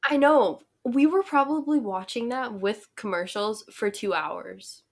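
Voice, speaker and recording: Slow-talking wry young woman co-host. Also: mid-range voice, lively intonation, gravelly. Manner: unhurried, wry, laughs at her own jokes. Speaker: podcast co-host. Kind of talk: casual chat recapping a reality show.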